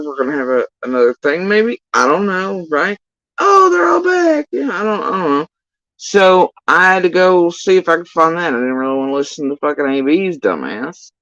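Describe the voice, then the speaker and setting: A woman's voice: a bass voice, no room sound. A woman giving casual ranting livestream commentary, profane, sarcastic and exasperated, on a dull, dry lo-fi recording. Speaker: YouTube drama commentator.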